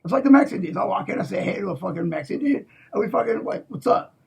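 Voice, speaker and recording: Very raspy, gravelly man ranting. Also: expressive, racing. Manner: profane, repeats "okay?", restarts a lot; swings between loud outbursts and low mutters. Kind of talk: rambling monologue.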